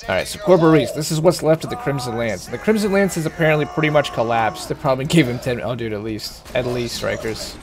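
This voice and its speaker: A man's voice: mid-range voice, expressive, fast, hardly any pauses. A man streaming a co-op shooter game, chatting casually and coaching his teammate through fights. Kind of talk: casual gameplay commentary.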